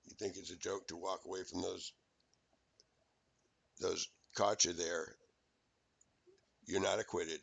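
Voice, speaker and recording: A man's voice: low voice, level tone, unhurried, vocal fry, long pauses, slightly rough, no room sound. A man in a rambling, profane, accusatory recorded rant.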